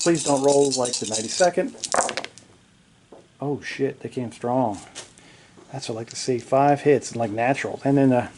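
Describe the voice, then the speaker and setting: A man narrating his own tabletop wargame in a casual play-by-play, excitable, joking and swearing at his dice rolls, recorded in a home basement. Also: a little high, a little hiss or hum. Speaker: wargaming hobbyist narrating a battle report.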